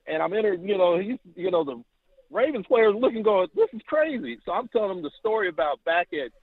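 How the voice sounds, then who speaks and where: A man calling in to tell a long story, animated and acting out quotes, heard over the phone. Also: a little fast, husky, no room sound. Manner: animated, acts out quotes with rising pitch. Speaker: caller. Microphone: telephone. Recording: tinny phone line.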